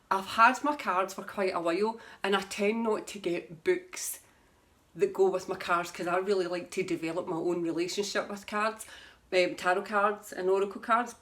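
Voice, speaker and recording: A tarot reader with a lowish, fairly bright voice chats casually to camera about her books. She rambles along and laughs at herself as she goes.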